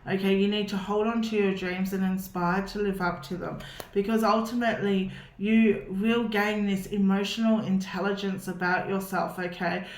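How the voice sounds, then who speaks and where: A woman's voice: medium pitch, reverberant. Woman giving an encouraging tarot reading. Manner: reassuring, repeats "okay?". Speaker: tarot reader.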